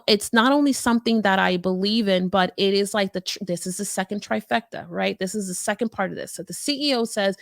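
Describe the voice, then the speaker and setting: Brief: woman entrepreneur, motivational talk, mid pitch, dry close sound. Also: no room sound. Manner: energetic, conversational, many fillers and restarts. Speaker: business coach and company founder.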